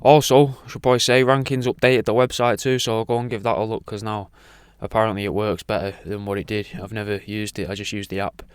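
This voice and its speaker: Rambling, sweary radio host. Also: male voice, lowish voice, flat delivery, fast, hardly any pauses, clear, resonant tone, dry recording. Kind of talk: casual rambling monologue.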